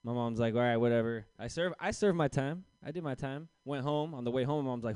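A young man working through a stand-up set, telling a self-deprecating story and slipping into quick voices for the people in it. His voice is smooth and clean, and the sound is dry and close. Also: mid-range voice, a little mellow, no echo. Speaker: stand-up comedian. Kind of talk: stand-up set at an open mic.

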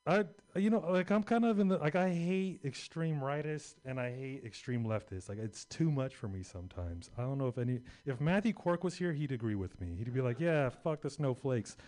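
A man's voice: mid-range voice, lively intonation, brisk, few pauses, darkish tone. A young adult man doing a stand-up set, rambling and crude with lots of filler words. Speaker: stand-up comedian.

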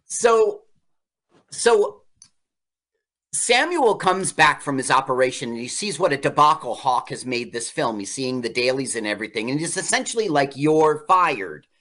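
Guy on a podcast recapping an old movie, lively up-and-down voice, jumps into little voices for quotes. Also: medium pitch, normal speed. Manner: animated, acts out quotes in shifting voices. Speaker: podcast co-host. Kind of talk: casual chat recapping an old film.

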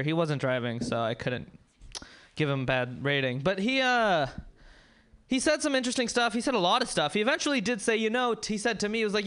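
A man in his twenties with a high, slightly bright, smooth voice performs a rambling, self-mocking stand-up set at an open mic, talking directly to the crowd.

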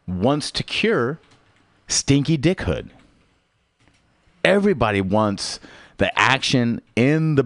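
A man with a low voice runs a comedy bit on his radio show like a pushy product pitch. His delivery jumps up high for emphasis, then drops back down. The studio sound is close and dry. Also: no echo. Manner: salesman-like pitch with big swooping emphasis. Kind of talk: mock infomercial comedy rant.

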